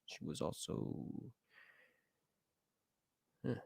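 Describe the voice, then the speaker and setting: A film reviewer with a dark-toned male voice offers casual, profane movie commentary at normal speed, rambling between jokey asides and reading passages aloud. The recording is dry and studio quality.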